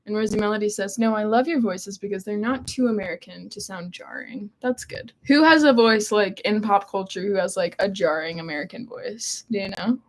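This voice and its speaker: A woman's voice: mid-range voice, a little fast, hardly any pauses. A woman with a nasal voice, co-hosting a casual livestream and reading viewer comments aloud with frequent ums. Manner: chatty, hesitant with frequent ums. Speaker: livestream co-host.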